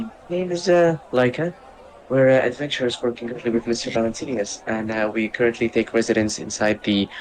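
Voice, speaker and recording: A man's voice: medium pitch, natural voice, low-quality recording. A man playing a blunt female adventurer who introduces herself in a stiff, formal way.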